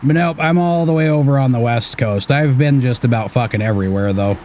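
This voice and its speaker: Slight background noise accompanies a man in his thirties from Washington State as he plays an off-road driving game on stream. His medium-pitched voice is a little mellow and fairly quick, and his casual commentary includes muttering and occasional swearing.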